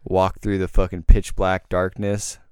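A young man casually telling a rambling ghost story among friends, swearing a lot and dropping to a hush at the eerie parts. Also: deep voice, monotone, measured pace, clear, resonant tone, no echo, clean studio sound. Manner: rambling, heavy swearing, hushed when telling the eerie part.

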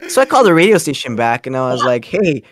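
A man's voice: mid-range voice, very animated, racing. A young man from Canada, a guest telling a story casually with many restarts and fillers. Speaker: guest, scambaiter.

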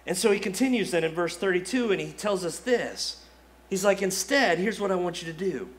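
A man's voice: sits high, lively intonation, brisk. A male pastor preaching a sermon in a conversational style, acting out quoted asides. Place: church sanctuary.

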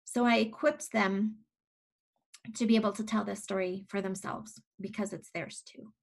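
A woman's voice: medium pitch, steady tone, moderate pace, vocal fry. A woman in her forties, a podcast guest, telling a personal story in a candid, reflective way with frequent restarts.

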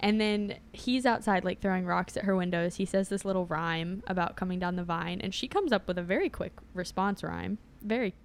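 A woman's voice: fairly low pitch, fairly quick, gravelly, hardly any pauses. A woman casually recapping a movie in a chatty, wry way, laughing often as she talks. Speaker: podcast co-host.

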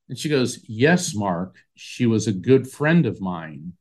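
A man's voice: medium pitch, animated, unhurried, few pauses. A man, a psychic medium guest, telling a long anecdote in an interview and acting out the voices he quotes. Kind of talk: storytelling in an interview.

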